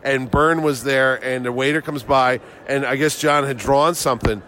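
A man's voice: medium pitch, steady tone, moderate pace, fairly bright tone, slight background noise. A man who runs a comic convention, chatting casually and teasingly outdoors, telling stories with quoted lines. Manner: joking, teasing, tells stories with acted-out quotes. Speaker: convention promoter and host. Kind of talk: casual chat.

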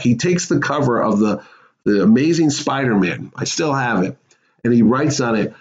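A middle-aged man who works as a comics artist tells a personal story in an animated, excitable way, jumping his pitch up for emphasis. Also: normal speed. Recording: slightly dull recording.

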